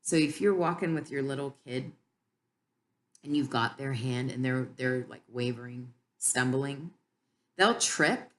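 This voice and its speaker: A woman giving an earnest, heartfelt Bible teaching about her own life, with frequent pauses. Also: rumbling low, a little hiss or hum. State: tearful. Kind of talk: personal devotional teaching.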